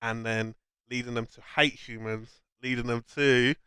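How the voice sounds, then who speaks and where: A man's voice: medium pitch, steady tone, normal speed, bright, forceful tone, clear, resonant tone, no echo. A young man co-hosting a casual film chat, enthusiastically explaining ideas in long chains. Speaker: co-host.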